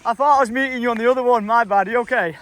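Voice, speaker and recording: A man's voice: very high voice, rapid-fire. A man vlogging outdoors by a canal, chatting casually about his new land. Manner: lively, chatty. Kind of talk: casual vlog chat.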